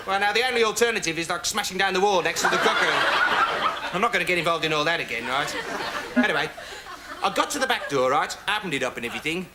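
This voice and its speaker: A dim young man who wanders from one pointless aside to the next in a deadpan TV sketch monologue. His voice sits high and swings widely in pitch, and a loud noise runs under the whole recording. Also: fast talker, over a noisy crowd. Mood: rambling. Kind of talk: 1980s TV comedy monologue. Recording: loud noise with laughter over it.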